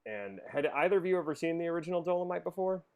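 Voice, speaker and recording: A man's voice: a little high, animated, racing, darkish tone. A man hosting a podcast in casual chat, rambling and laughing often. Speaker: podcast host.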